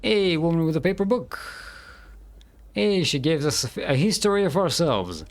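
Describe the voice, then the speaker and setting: A man's voice: on the high side, animated, normal speed. A man streaming a game, thinking aloud in casual commentary and humming to himself.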